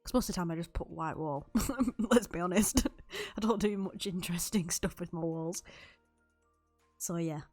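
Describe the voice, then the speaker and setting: Rambling, giggly young woman, low voice. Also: moderate pace, pauses often, darkish tone, soft background music. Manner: rambling, chatty, giggles often. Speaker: YouTube Sims builder. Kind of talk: recorded voiceover over gameplay.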